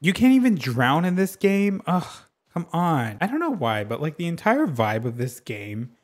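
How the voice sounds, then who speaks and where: A man hosting a let's play, reacting to the game in a sassy, excitable way and swearing freely into a desk microphone. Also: a little high, moderate pace. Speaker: gaming channel host.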